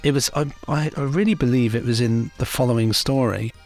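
A man's voice: mid-range voice, brisk, darkish tone, faint music behind. A man co-hosting a podcast in casual, chatty talk, full of fillers and easy laughter. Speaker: podcast co-host. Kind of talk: casual chat.

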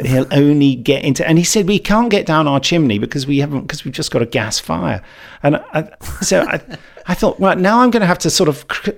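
A middle-aged man with a wry, self-deprecating way of telling stories in casual chat. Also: mid-range voice.

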